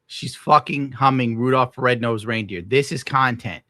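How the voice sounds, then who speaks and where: Man, young adult, streamer, bitter crude rant, bright forceful voice, dry close sound. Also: medium pitch, moderate pace, no echo, faint music behind. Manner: bitter, crude, heavy swearing. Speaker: streamer reacting to clips. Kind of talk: casual ranting commentary.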